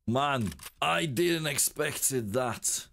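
A man's voice: medium pitch, lively intonation, slow, creaky, a bit bright. A man, chatting casually with viewers while streaming a shooter game, exclaiming and laughing. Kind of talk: casual live-stream gaming chat.

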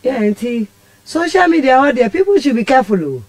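A woman's voice: high voice, sing-song, brisk, darkish tone, no room sound. A Ghanaian woman telling a personal story as a radio guest, impassioned and rambling. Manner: impassioned, rambling, switches languages. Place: radio studio.

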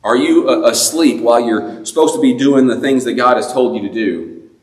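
A man's voice: mid-range voice, moderate pace. Chatty man preaching in an echoey church. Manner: conversational, self-deprecating, many fillers and restarts. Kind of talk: sermon. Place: church sanctuary.

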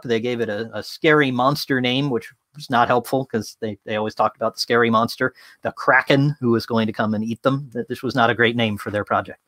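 A man giving an interactive talk from home as a tech consultant, casual and full of fillers, telling lively stories. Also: mid-range voice, brisk, no echo.

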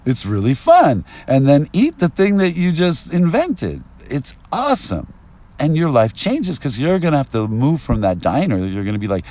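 A man rambling through an agitated street monologue, at times rising to yelling, recorded outdoors on a binaural mic. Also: on the high side, wildly swooping pitch, moderate pace. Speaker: vlogger.

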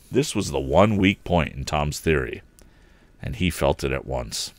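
A man reading an old adventure novel aloud as a livestream storyteller, expressive and voicing each character. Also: a bass voice, a little slow, no room sound.

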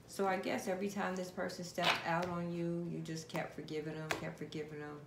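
A woman talks her viewers through a tarot spread in a loose, conversational way, stopping to ask spirit questions out loud. Her voice sits low with a gravelly fry. The room is echoey, and a constant hiss of noise runs underneath. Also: flat delivery, brisk, hardly any pauses. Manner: chatty, addresses viewers directly, asks spirit questions aloud. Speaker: tarot card reader. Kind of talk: casual tarot reading to viewers.

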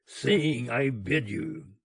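A man playing a cruel, greedy old man who speaks harshly and gives orders, loud and slow. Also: mid-range voice, very animated, vocal fry, breathy edge, no echo, heavily acted. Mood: harsh demanding. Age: older. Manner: harsh, commanding.

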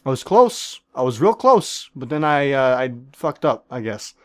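A man's voice: medium pitch, sing-song, unhurried, no room sound, studio quality. A man giving joking, profane commentary while playing a game, talking to the other players and playing up a comic celebrity-chef persona. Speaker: gaming video creator.

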